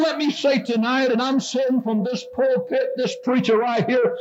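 Older man, Baptist preacher, high fervent revival delivery, muffled lo-fi church recording. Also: steady tone, unhurried, hardly any pauses, a little mellow. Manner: fervent, rising and falling preaching cadence. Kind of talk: revival sermon. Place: church sanctuary. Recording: dull lo-fi sermon tape.

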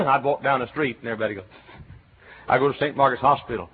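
A middle-aged man from Texas with a Texan accent, preaching a sermon as a pastor, telling stories and breaking into shouts. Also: medium pitch, quick pace, a little hiss or hum. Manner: animated storytelling, bursts into shouts and chants. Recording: tinny phone-like recording.

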